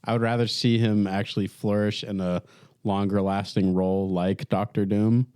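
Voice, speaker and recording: Deep, mellow male podcast voice. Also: little pitch movement, moderate pace, clear, resonant tone, no echo, studio quality. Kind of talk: casual chat.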